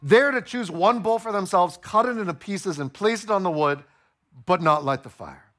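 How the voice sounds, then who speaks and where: A male pastor preaching a sermon, playful and animated, acting out the voices of the people in the story. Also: high-pitched, normal speed.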